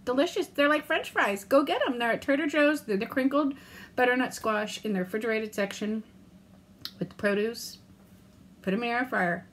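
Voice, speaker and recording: A middle-aged woman vlogging in a casual, candid and rambling way, self-deprecating, with mild cursing and lively swings in tone. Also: a little high, moderate pace. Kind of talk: casual chat to camera.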